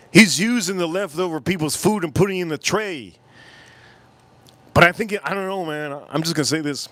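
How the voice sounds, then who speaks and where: This American guy on a livestream trades crude, rambling banter with chat while sipping drinks as he goes. His voice is fairly high, animated, a bit bright and slightly fast, with no room sound.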